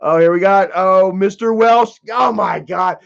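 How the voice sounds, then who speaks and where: On his livestream, this high-pitched host talks at a measured pace with noticeable vocal fry. His manner is casual, crude, and mocking, peppered with "you know," over dull, lo-fi stream sound.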